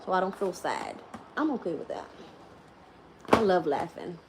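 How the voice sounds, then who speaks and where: A woman's voice: lowish voice, huge pitch swings, normal speed, very noisy. A woman giving a live-stream tarot reading and chatting casually, tired, laughing often and swearing freely. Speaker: tarot reader.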